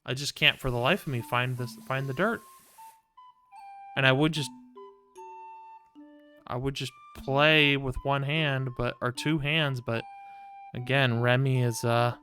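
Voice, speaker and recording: A man's voice: medium pitch, steady tone, unhurried, long pauses, pushed and bright, soft background music. A man streaming a video game, rambling casually, swearing freely and cooing to his cat between remarks. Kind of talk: casual gameplay commentary.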